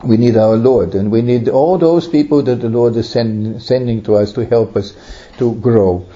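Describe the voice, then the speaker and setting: A man's voice: medium pitch, moderate pace, warm tone. A man preaching an Orthodox sermon with earnest, pleading emphasis that swells on key phrases. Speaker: Orthodox priest. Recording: dull lo-fi recording.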